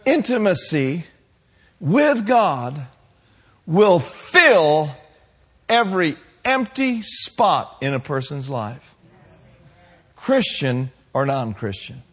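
A man preaching a sermon to his congregation, building to shouted passages and calling for responses. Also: on the high side, big pitch swings, extremely slow, pauses often, breathy edge. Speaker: pastor.

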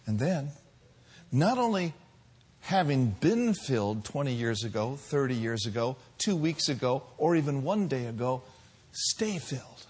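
Husky preacher man with lively swings. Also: mid-range voice, measured pace. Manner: preaching with big swings from soft to shouted. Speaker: pastor. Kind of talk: sermon.

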